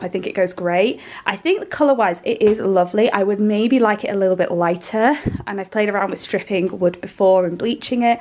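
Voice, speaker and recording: A woman's voice: medium pitch, steady tone, brisk. Chatty woman vlogging at home. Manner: chatty and enthusiastic, laughs often. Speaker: lifestyle vlogger. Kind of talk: casual chat to camera. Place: at home, indoors.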